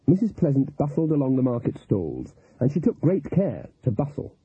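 A man reads a story aloud with a husky voice and an animated, lively lilt. The recording is tinny and dry, with a phone-like narrow sound and no room echo. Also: mid-range voice, moderate pace. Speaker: narrator. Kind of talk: audiobook narration.

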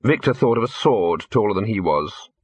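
A man calmly narrating a story as an audiobook reader. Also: on the low side, moderate pace, husky, dry recording, highs cut off. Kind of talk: scripted narration.

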